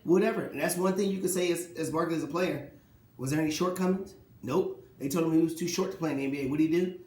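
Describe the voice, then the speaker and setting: Animated man ranting about sports, echoey room. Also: a little high, quick pace. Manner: animated, rhetorical questions, mocking quotes. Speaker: sports talk host. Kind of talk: casual solo sports commentary.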